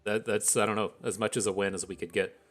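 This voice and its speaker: A man giving casual commentary on his own card game as a streamer, thinking out loud in an analytical, wry way. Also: on the low side, steady tone, quick pace, soft background music.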